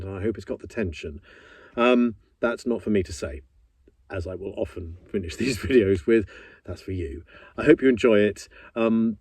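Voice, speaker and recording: Casting: middle-aged male narrator, dark mellow tone, thoughtful and earnest, dry studio mic. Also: slightly rough, no echo. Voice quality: low voice. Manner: reflective, earnest, musing with pauses. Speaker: audiobook narrator. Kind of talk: casual behind-the-scenes talk. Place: professional home studio. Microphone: studio microphone.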